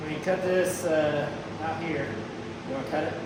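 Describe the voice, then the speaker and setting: A man's voice: on the high side, steady tone, moderate pace. A man hosting a casual shop vlog, joking as he works in a garage. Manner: laid-back, joking, talks while working. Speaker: host, car builder. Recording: echoey shop, from far off, noisy.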